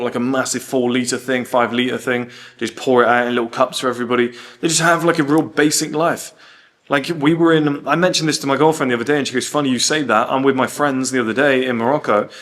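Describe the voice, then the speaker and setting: A young man talking in a casual vlog, animated and swearing, telling travel stories with quoted asides. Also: medium pitch, fast talker. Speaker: host.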